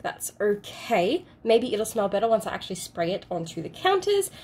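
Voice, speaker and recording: A woman's voice: mid-range voice, very animated, moderate pace, a little mellow, slightly rough. A woman with an Australian accent, gushing and exclaiming as she unboxes products for her channel. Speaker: unboxing vlogger. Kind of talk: excited unboxing chat.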